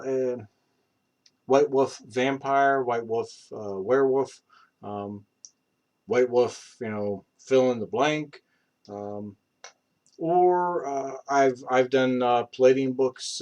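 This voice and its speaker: Casual male streamer, young, rambling talk with frequent fillers, average pitch. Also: slow, a little mellow, highs cut off. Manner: rambling, many fillers and restarts. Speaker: streamer practicing accents. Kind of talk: casual live-stream chat.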